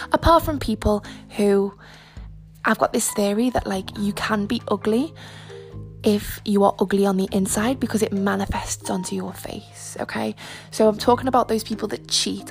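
A young woman hosts a self-help style podcast, her voice carrying a gravelly creak. She talks frankly and rambles from one aside to the next, with plenty of filler words, while faint music plays underneath. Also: medium pitch. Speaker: podcast host. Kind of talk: casual chat.

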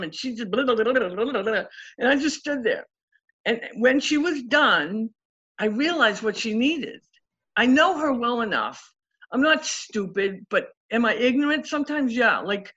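Woman guest, coaching type, chatty storyteller, higher voice, muffled lo-fi sound. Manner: animated, acts out quotes of clients. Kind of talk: casual storytelling interview.

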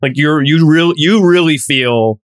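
A man's voice: a little high, unhurried, no echo. Male co-host, mid voice, loose and emphatic talker; dry studio sound. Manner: rambling, emphatic, full of "like". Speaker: podcast co-host. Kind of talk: casual chat.

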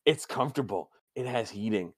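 A man's voice: fairly low pitch, animated, brisk, no room sound, studio quality. A man co-hosting a podcast, swearing and joking casually as he recaps a show with a friend. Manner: profane, joking, talks over partner. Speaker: podcast co-host.

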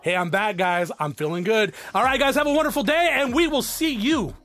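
An entrepreneur vlogger in his forties from South Tucson, Arizona gives a blunt, profane, preachy motivational monologue to the camera, calling his viewers "guys." His voice is high-pitched and fairly bright, with lively intonation and a brisk pace, and faint music plays behind him.

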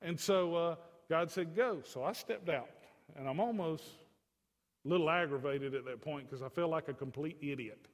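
A man's voice: on the high side, moderate pace. Fervent preacher man in a reverberant church. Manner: storytelling preacher, swings from hushed to loud and fervent. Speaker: pastor. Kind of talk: sermon. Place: church sanctuary. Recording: long reverb of a church hall.

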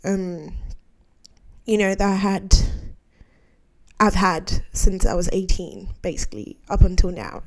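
A young adult woman hosting a podcast in casual chat, candid and heartfelt, full of slang and "like"s. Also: on the low side. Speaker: podcast host.

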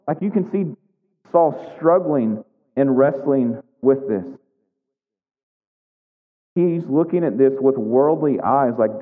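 A man's voice: medium pitch, lively intonation, measured pace, big-room sound, narrow, tinny audio. A man reading scripture and preaching, chatty and conversational, often checking in with "right?". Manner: conversational, keeps asking "right?". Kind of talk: Bible reading and sermon.

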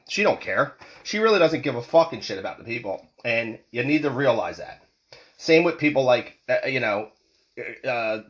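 A heated man in his forties from the United States, swearing freely as he rants to a camera. His voice sits at an ordinary middle pitch, and he restarts his words again and again as the anger pushes him along. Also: a bit bright. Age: 40s. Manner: heated, profane, repetitive restarts. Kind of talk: angry political rant.

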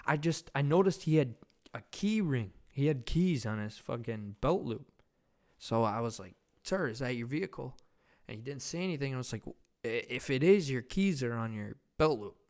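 A man's voice: medium pitch, expressive, normal speed, darkish tone. A young man hosting a podcast, telling a loose, profane, rambling anecdote in casual chat. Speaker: podcast host.

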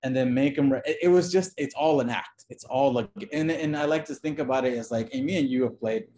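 A man's voice: mid-range voice, fairly quick, dark tone, a little hiss or hum. Casual male guest, loose chatty delivery. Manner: loose, conversational, many fillers and restarts. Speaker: designer and podcast guest. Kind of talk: casual interview chat.

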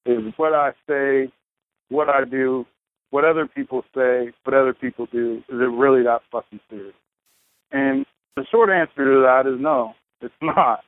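A man's voice: mid-range voice, normal speed. Profane, rambling man on a tinny line. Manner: casual and profane, rambling storyteller. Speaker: podcast guest. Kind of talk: casual conversation.

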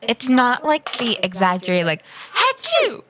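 A woman's voice: lowish voice, very animated, a little slow, crowd noise. A young woman co-hosting a casual podcast chat, telling stories in a giggly, teasing way, recorded in a small room with a slight echo. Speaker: podcast co-host.

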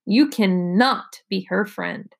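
A woman's voice: medium pitch, slow pace, gravelly. A woman reading aloud, voicing a stubborn fourth-grade boy with a sulky, scornful tone.

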